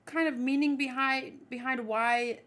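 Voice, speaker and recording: A woman reads a manga aloud and chats about it casually in between. Her voice sits fairly high and she talks slowly, thinking aloud and restarting her sentences as she goes. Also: fairly even intonation, fairly bright tone. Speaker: manga read-along host. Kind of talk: manga reading with casual commentary.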